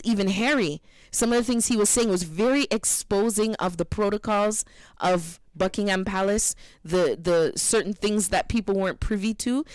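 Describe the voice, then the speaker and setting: A woman co-host chats on an internet radio show, telling stories with lively energy. Her mid-range voice is close and dry, with no room sound around it. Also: medium pitch, normal speed, no echo. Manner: chatty, animated storytelling. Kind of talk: casual radio talk.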